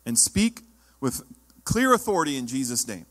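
A man preaching a sermon as pastor, emphatic, sometimes rising to loud exhortation. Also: mid-range voice, big pitch swings, moderate pace, in a large hall.

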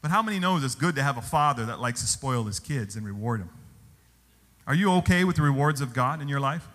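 A male pastor preaching a sermon, telling stories with animated exclamations. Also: mid-range voice, fairly quick. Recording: long hall reverb.

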